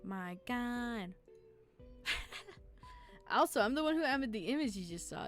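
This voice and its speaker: Young woman streamer rambling over a game, kinda high voice, excitable and slangy, bit of music in the back. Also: smooth. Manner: excitable, chatty, slangy, quick to laugh and groan. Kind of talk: casual live-stream gameplay commentary.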